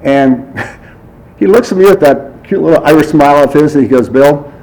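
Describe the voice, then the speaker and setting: A man speaks at a memorial service through a podium mic, sharing stories about a friend. His voice sits a little high for a man. He chats easily, acts out the exchanges, and often breaks into a chuckle. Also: expressive, normal speed, a little mellow, low-quality recording. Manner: chatty storyteller who acts out dialogue and chuckles often. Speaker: friend giving a eulogy. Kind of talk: memorial speech, anecdotal storytelling.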